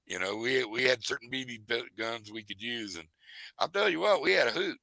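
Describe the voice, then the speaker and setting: A man hosts a relaxed late-night chat, spinning long stories with folksy asides and plenty of restarts. His voice is bright and forward, and it is recorded dry and close with no room sound. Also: mid-range voice, normal speed, gravelly, no echo, low-quality recording. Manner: rambling, animated storyteller with folksy asides. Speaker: host. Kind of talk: casual storytelling chat.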